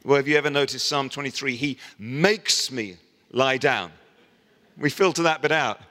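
A middle-aged man preaches, telling a story and acting out the voices of the people in it. His voice is bright and forward. It rings out with a long reverb, as if he stands in a large hall. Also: medium pitch, normal speed. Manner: storytelling, animated voicing of quoted people. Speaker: pastor. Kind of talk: sermon.

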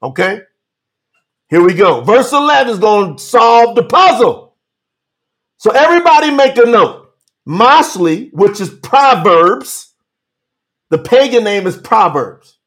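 A man preaching on a live stream, animated, calling out to viewers by name and reading scripture slowly for emphasis. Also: sits high. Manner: Southern-style 'y'all' address, drawn-out emphatic reading. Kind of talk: livestream sermon reading scripture.

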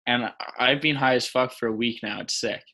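A man's voice: medium pitch, fairly even intonation, brisk, pushed and bright, rough recording. A young man co-hosting a podcast, rambling through crude jokes and laughing often. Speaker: podcast co-host. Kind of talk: casual comedic chat.

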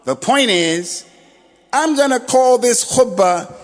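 A man preaching a sermon, his voice sitting high for a man. He tells his story with animated delivery, then rises into shouted calls and rapid recitation, all ringing through a long reverberant hall. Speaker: imam giving Friday sermon. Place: mosque prayer hall.

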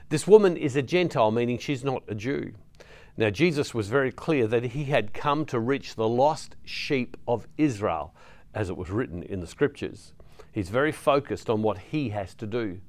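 A middle-aged man leading a Catholic ministry, giving an earnest devotional talk that pauses to explain scripture verses. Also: medium pitch.

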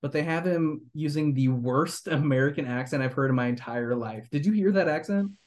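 A man's voice: a little high, a little fast, a little mellow. A young man hosting a podcast, rambling critically about a movie with lots of fillers and restarts. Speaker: podcast host. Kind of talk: casual movie review chat.

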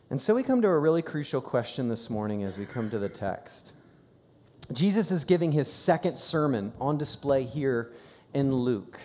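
In a church sanctuary, a pastor preaches a sermon, telling a personal story conversationally. His voice is medium-pitched and a little mellow, echoing as in a large hall.

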